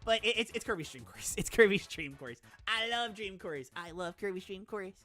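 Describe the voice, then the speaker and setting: A woman VTuber streamer chatting casually on stream, excitable and gushing, laughing often and rambling into asides. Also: mid-range voice, normal speed, soft background music. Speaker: VTuber streamer reacting to viewer game lists. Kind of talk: casual live-stream chat.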